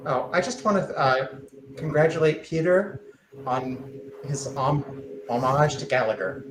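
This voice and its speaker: Mock-grand man, slightly high lively voice, echoey room with faint noise. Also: measured pace. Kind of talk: casual livestream chat.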